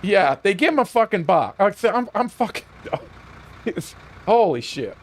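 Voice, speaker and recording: A man's voice: high voice, big pitch swings, a little slow. A man streaming a video game while telling a heated, profane story, often laughing.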